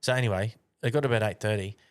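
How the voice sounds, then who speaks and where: On a casual podcast, a young co-host tells a long, rambling story packed with swearing. His voice is fairly low and smooth, and he delivers it rapid-fire.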